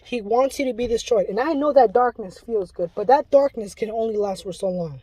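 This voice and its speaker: Warm, husky and high, this man's voice moves briskly as he delivers his testimony as a self-professed Luciferian. The warning comes out urgent and pleading in a preachy tone, and he keeps breaking off to restart sentences, with no echo in the recording.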